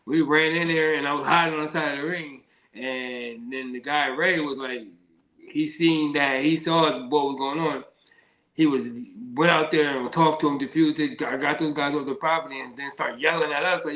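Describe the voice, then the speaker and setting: A man's voice: fairly high pitch, fairly even intonation, moderate pace, a bit bright, roomy sound, low-quality recording. A man, a professional boxer, telling stories loosely in a casual interview and often saying "man".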